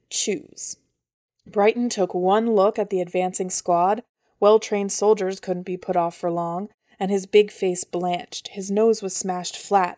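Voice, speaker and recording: A woman reading a story as an audiobook narrator, steady and even. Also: medium pitch, no echo, studio quality. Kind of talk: scripted narration.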